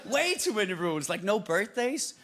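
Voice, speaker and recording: Man, Irish-sounding accent, stand-up comic, high lively voice, noisy stage recording. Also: normal speed. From Denmark. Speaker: stand-up comedian. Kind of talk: stand-up routine. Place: comedy stage. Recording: clip with loud noise and audience laughter.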